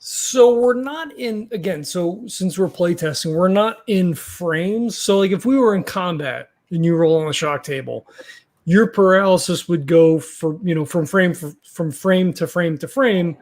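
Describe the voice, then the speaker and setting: High-voiced man running a tabletop game. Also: measured pace. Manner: thinking aloud, loose and conversational. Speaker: game master.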